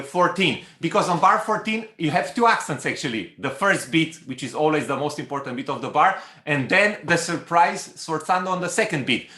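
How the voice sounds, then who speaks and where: A man coaching a cello student in a masterclass, pausing often with fillers and singing phrases aloud to show them. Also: a little high, sharp tone. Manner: hesitant, many fillers, sings phrases aloud. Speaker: cello teacher. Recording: roomy hall with instrument music.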